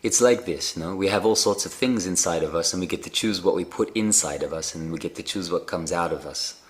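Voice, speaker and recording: A man giving a gentle, unhurried spiritual talk on a live video call, often pausing with fillers and restarting his sentences. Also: deep voice. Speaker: spiritual teacher.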